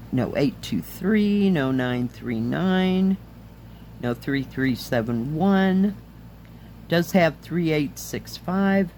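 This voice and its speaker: A middle-aged woman, slightly hoarse, chatting casually as she reviews craft kits and handles them on camera. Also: low voice, darkish tone, slight background noise. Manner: chatty, enthusiastic, talks while handling items. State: slightly hoarse, losing her voice. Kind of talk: casual chat.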